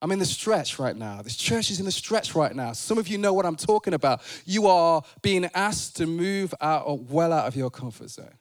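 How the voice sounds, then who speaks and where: A man preaching a sermon in a church, animated, playful and conversational. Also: a little high, moderate pace, hardly any pauses. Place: church sanctuary.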